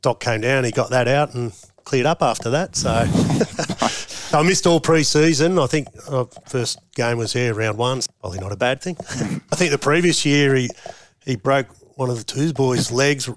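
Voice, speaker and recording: A man in an ordinary mid-range voice looks back on his playing days. He talks in a relaxed, halting way with small chuckles. The sound is close and dry. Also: mid-range voice, no echo. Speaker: former footballer. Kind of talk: casual interview reminiscing.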